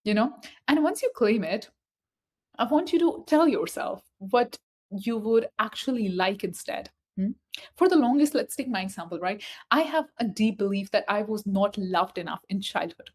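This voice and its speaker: A woman's voice: mid-range voice, lively intonation, moderate pace, darkish tone, husky. A woman giving a motivational spiritual talk, speaking emphatically and repeating key phrases straight to the listener. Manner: emphatic, repetitive, addresses listener directly.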